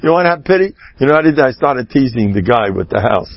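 A man's voice: mid-range voice, sing-song, quick pace, dry recording, muffled recording. A man telling humorous stories, laughing and mimicking people as he talks. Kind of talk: humorous storytelling talk.

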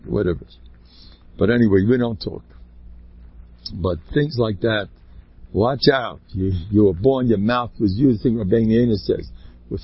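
Husky, animated man preaching informally. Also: no room sound. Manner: animated, joking, big pitch swings; sprinkles Yiddish and Hebrew words. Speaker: religious speaker. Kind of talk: informal Torah talk. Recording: dull lo-fi dry recording.

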